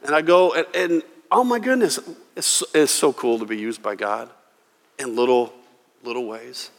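Animated male pastor in a reverberant hall. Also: medium pitch, moderate pace. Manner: animated storytelling, acting out quoted voices. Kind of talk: sermon.

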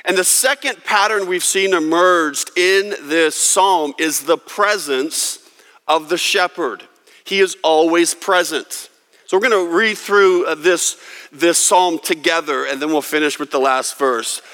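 A man from California preaching a sermon, telling stories with emphatic, dramatic pauses. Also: fairly high pitch, sharp tone. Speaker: pastor. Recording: long reverb of a large hall.

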